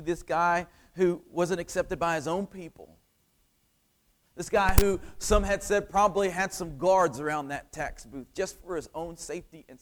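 A male preacher delivering a sermon with animated storytelling, rhetorical questions and call-and-response with the congregation. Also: high-pitched, poor audio.

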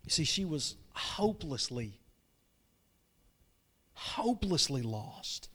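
A man's voice: fairly high pitch, big pitch swings, slow, a bit bright, breathy edge. A man preaching a sermon, retelling a story dramatically and often repeating his words. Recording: long reverb from a large hall.

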